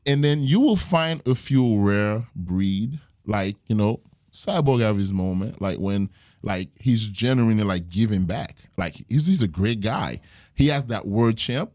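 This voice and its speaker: A man with a very deep voice speaks earnestly in a casual podcast interview. He tells his stories reflectively and often pauses on fillers. The sound is dry and close, with almost no room. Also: darkish tone, dry recording. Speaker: jiu-jitsu gym owner and podcast guest.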